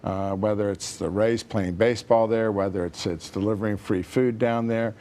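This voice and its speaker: A man's voice: fairly low pitch, steady tone, moderate pace, dark tone. A man speaking as a guest on a TV panel discussion, hesitant and full of restarts.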